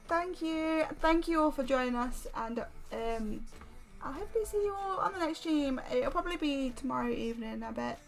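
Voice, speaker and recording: Giggly woman host, a bit high, rambling chat, soft music faintly behind. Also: animated, normal speed, vocal fry. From Derbyshire, England. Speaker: livestream host. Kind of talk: casual livestream chat while stitching.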